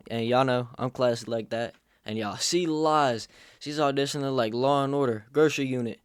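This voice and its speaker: A man's voice: mid-range voice, steady tone, moderate pace, clear, resonant tone, no room sound, clean studio sound. Sarcastic young man telling a story. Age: young adult. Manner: sarcastic, jokey. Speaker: storyteller host. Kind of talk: comedic storytime vlog.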